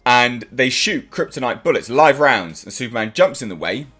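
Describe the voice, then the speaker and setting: A man's voice: medium pitch, lively intonation, normal speed, fairly bright tone, faint music behind. A man hosting his own channel, giving a casual and enthusiastic spoken review of a TV episode. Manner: enthusiastic, chatty, acts out characters' lines.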